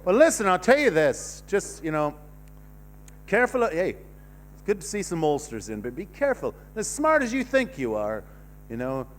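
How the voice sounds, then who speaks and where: An older man doing a stand-up comedy set on a theatre stage, rambling and self-mocking with sudden loud outbursts. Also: high-pitched, sing-song, normal speed. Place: stage of a cinema theatre, live audience.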